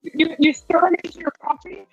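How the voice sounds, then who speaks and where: A woman hosting a casual livestream chat, excitable and gushing, laughing often. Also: extremely high pitch, fairly quick, no room sound, dull audio, faint music behind. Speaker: livestream host.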